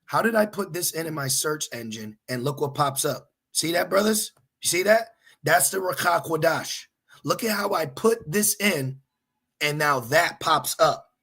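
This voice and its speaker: Man, gravelly and husky, a religious teacher who gets animated and keeps checking in with his listeners. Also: on the high side, a little slow. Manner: animated, exhorting, repeats "okay?". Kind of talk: informal teaching while searching online.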